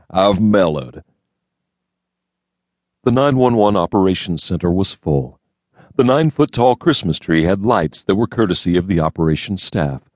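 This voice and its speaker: A man narrating an audiobook in a steady, measured reading voice, close to a studio mic. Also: sits low, dry recording. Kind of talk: scripted narration.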